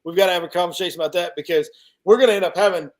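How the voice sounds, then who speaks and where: A high-voiced man talks fast in loose, joking banter. His speech comes in quick bursts during a casual conversation about fishing. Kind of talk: casual chat.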